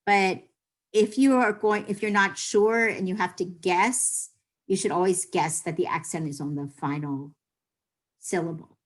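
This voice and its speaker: A woman's voice: fairly low pitch, a little slow. Patient woman teaching a class. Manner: patient, explanatory. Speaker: Hebrew teacher.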